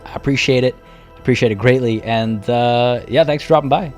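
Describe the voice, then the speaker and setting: Male streamer, mid pitch, talks through his moves to chat, voice worn from hours live, light music under. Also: fairly quick. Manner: thinks aloud, chatty with viewers. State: losing his voice. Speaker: game streamer. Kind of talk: live gameplay commentary.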